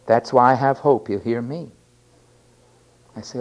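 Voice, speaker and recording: A male preacher in full flight, his voice climbing to fervent cries and then dropping almost to a whisper. He hammers his points home by repeating them, and his pitch sits in a plain middle range. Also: very animated, unhurried, pauses often, slight background noise. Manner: dramatic swings from shouting to hushed near-whisper; emphatic, repeating phrases. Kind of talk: sermon.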